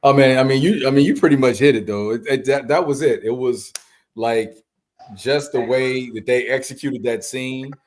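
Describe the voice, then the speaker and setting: A man's voice: mid-range voice, normal speed, poor audio. A man co-hosting a movie podcast, talking casually in rambling, filler-heavy sentences. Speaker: podcast co-host. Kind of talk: casual movie review chat.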